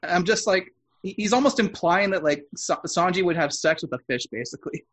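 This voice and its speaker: A man with a somewhat high voice chats loosely as a podcast co-host. He rambles, circling back with fillers and restarts as he goes. His tone stays conversational throughout. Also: expressive, a little fast, fairly bright tone, rough recording. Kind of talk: casual chat reviewing an anime dub.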